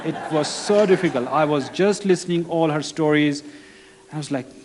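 Man preaching in a halting conversational way. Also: a little high. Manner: conversational, halting with restarts and non-native grammar. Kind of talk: sermon with personal story.

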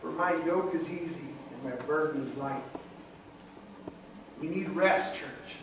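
Heard from afar in a hall with heavy echo, a middle-aged pastor preaches a sermon at an unhurried pace. His voice sits high and surges in waves of volume, full of raw emotion, while a faint noise hums underneath.

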